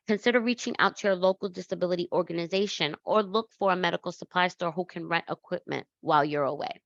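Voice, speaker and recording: A woman presenting slides in a relaxed, conversational way and correcting herself as she goes. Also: lowish voice, dry recording, muffled recording. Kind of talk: slide presentation on accessible travel.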